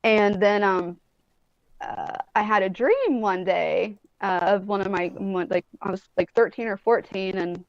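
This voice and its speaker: A medium-pitched woman speaking a little slowly, she's an Indianapolis guest in her forties telling wandering stories in a casual chat, swearing often and saying "like" and "um" repeatedly. She's on a phone or tablet during a video call, with no room sound and the highs cut off.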